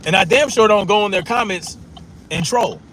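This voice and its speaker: A man's voice: sits high, moderate pace, fairly bright tone, a little hiss or hum. A man arguing back at chat comments during a casual live stream, profane and repeating himself for emphasis.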